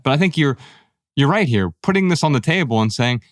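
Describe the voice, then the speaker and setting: A man's voice: medium pitch, expressive, a little fast, dry recording, studio quality. A man co-hosting a podcast, speaking reflectively and telling personal stories while acting out quoted lines. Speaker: podcast co-host. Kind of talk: conversational podcast discussion.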